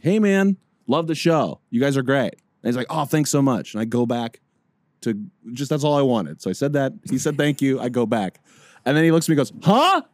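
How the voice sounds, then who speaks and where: A man co-hosting a casual podcast, trading bar stories in a loud, playful way. His pitch swings widely as he acts out each encounter. The sound is dry and close. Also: no room sound. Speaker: podcast co-host. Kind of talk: casual chat.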